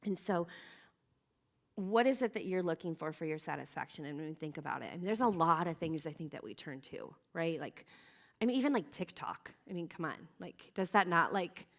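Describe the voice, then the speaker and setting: A woman's voice: fairly low pitch, expressive, brisk. A woman in her thirties speaking to teenage girls at a youth gathering, sharing her own story in an earnest, chatty way, full of fillers and restarts and close to tears at times. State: emotional. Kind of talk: personal testimony talk.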